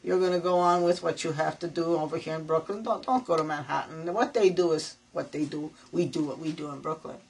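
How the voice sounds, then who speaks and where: A man's voice: on the high side, a little fast, gravelly, hardly any pauses, a little hiss or hum, pitched below the performer's own voice, poor audio. An older woman voicing a stern old immigrant father who firmly lectures his son. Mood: scolding. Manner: firm, lecturing.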